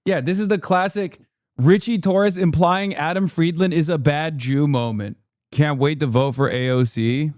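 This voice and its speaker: A man's voice: fairly high pitch, normal speed, darkish tone, no echo, studio quality. A man streaming political commentary, ranting with profane, incredulous reactions.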